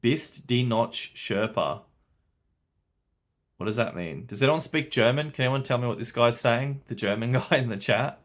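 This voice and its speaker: A man's voice: mid-range voice, a little fast, hardly any pauses. A young man streaming a game, chatting casually with his viewers, swearing and laughing often. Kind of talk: casual livestream commentary.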